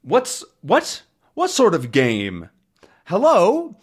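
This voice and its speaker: A man voicing a gruff, confused male sea captain from a comic, shouting into a telephone. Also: high-pitched, huge pitch swings, very slow, pitched above the performer's own voice, heavily acted. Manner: bewildered shouting into a phone.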